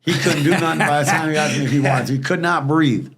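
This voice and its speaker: As a guest on a podcast, a man tells stories casually, quickly, and with lots of animation, acting out the people in them. His voice is fairly high and slightly rough.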